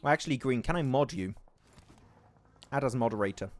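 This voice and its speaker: Brisk and medium in pitch, a young esports caster from England excitably commentates a mobile match on a livestream. He reacts to the plays and reads chat aloud in a casual manner.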